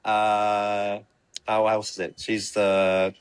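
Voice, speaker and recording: A man's voice: on the low side, moderate pace, no room sound. A man answering interview questions casually, hesitant and full of fillers.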